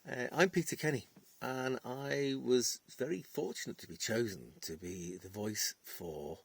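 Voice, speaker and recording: A man's voice: medium pitch, measured pace, gravelly, breathy edge. A man with a Liverpool accent, an audiobook narrator, talking enthusiastically about a book he recorded. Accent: Liverpool (Scouse). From England, Wirral. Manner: enthusiastic, effusive. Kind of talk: casual promotional talk.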